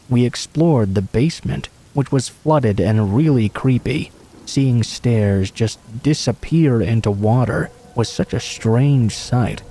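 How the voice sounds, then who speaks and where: A man narrating true scary stories in a steady, measured storytelling voice. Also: mid-range voice.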